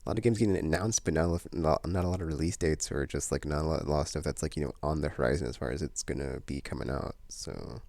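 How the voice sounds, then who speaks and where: A man's voice: extremely low pitch, fast, creaky, few pauses, darkish tone, no echo. A man vlogging in a casual, meandering chat, full of fillers and restarts.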